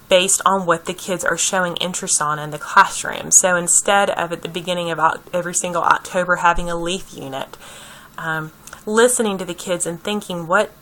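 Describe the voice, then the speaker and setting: A woman's voice: lowish voice, pushed and bright, poor audio. A woman giving a conversational lecture on early childhood, repeating key points and checking in with her listeners.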